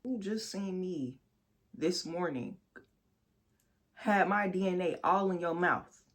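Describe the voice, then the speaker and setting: A young woman recounts a painful chapter of her life on her vlog, swearing freely and addressing viewers as if they were friends. When she is indignant her voice jumps high and loud. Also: slow. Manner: candid, profane storytelling that addresses viewers directly; bursts into loud, high outbursts when outraged. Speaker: vlogger. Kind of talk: storytime vlog.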